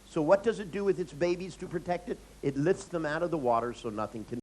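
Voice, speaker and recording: A man's voice: fairly high pitch, fast, darkish tone, a little hiss or hum, poor audio. A man performing a profane, ranting stand-up comedy monologue.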